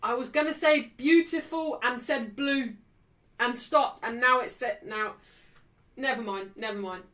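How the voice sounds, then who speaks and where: A woman hosting a football watchalong stream, calling the play, cheering loudly and joking brashly with her live chat. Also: a little high, measured pace. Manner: excitable, shouting cheers at big moments. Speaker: livestream host.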